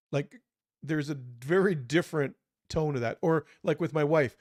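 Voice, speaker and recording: A man's voice: on the high side, normal speed, a little mellow, dry recording, studio quality. A man co-hosting a podcast, talking earnestly about communication and acting out short example dialogues. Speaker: podcast co-host. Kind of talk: conversational advice talk.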